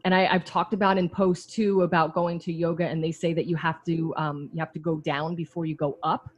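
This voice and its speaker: A woman's voice: lowish voice, level tone, a little fast, highs cut off. A woman in a casual chat, earnestly sharing advice from her own experience and swearing now and then.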